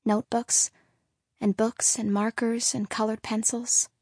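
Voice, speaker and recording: A woman narrating a children's novel in first person, with steady, measured storytelling. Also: a little high, breathy edge, no room sound, clean studio sound. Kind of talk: audiobook narration.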